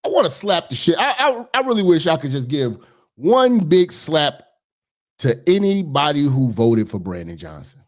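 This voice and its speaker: Heated profane man ranting, lively pitch. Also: normal speed. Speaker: commentary host. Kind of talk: ranting commentary.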